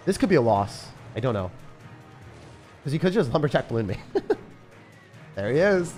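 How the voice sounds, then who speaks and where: A young man commentating his own live game stream in a jokey, excitable way, bursting into shouts and laughter. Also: medium pitch, moderate pace, pauses often, faint music behind. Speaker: gaming streamer.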